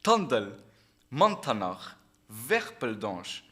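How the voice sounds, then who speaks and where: A man's voice: mid-range voice, sing-song, crowd noise. A man with a Luxembourgish accent, leading a quiz game and reading out place names one by one between frequent laughs. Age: adult, a teacher. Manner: reads names deliberately, laughs often. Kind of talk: casual comedy game chat.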